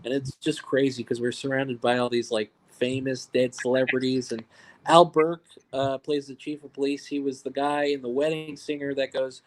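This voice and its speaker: A man's voice: medium pitch, flat delivery, moderate pace. A man from New York, a filmmaker, telling loose, joking stories in an interview and laughing at his own punchlines. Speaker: guest filmmaker. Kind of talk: casual interview storytelling.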